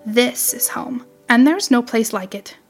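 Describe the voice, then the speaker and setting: A woman reading a children's story, voicing a fussy, sharp-tongued female wren with a tart, scolding, chattering manner. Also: fairly high pitch, unhurried, soft background music.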